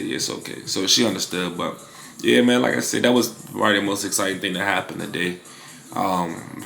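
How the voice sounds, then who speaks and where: A man's voice: low voice, vocal fry, fairly bright tone, roomy sound. A man in his twenties talking casually in a vlog about his clothing brand, laid-back and slangy with lots of fillers. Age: 20s. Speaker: vlogger building a clothing brand.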